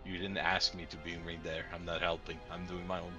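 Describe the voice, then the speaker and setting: A man's voice: deep voice, level tone, fairly quick, dull audio, music in the background. A man playing a tabletop role-playing game, joking and playful as he speaks for his character. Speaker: player. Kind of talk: casual play over voice chat.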